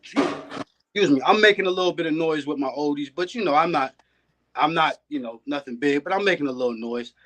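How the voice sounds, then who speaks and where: A man, a guest on a podcast and a dog breeder, telling stories in a relaxed, casual way. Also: a little high, brisk. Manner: laid-back, peppers talk with "man". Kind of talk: casual storytelling chat.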